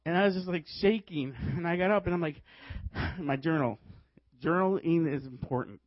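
A man from Chicago, a guest preacher, tells his testimony in a sermon with animated storytelling and frequent laughs. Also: on the high side, a little fast, no room sound. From Chicago, USA. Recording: dull dry recording.

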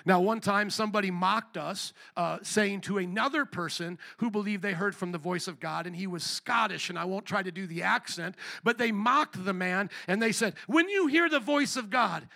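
A male pastor preaching a live sermon in a church, energetic, questioning the congregation and calling for responses. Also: sits high, normal speed, gravelly, few pauses. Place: church sanctuary.

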